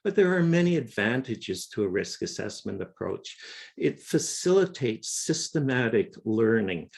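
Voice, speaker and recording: A man giving a measured, explanatory conference presentation on collection management. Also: on the low side, gravelly, darkish tone. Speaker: conference speaker.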